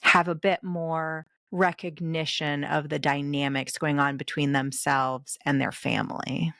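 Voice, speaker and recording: A woman hosting a podcast interview, speaking calmly and gently. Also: low-pitched, measured pace, creaky, dry recording, clean studio sound. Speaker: podcast host. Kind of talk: conversational interview.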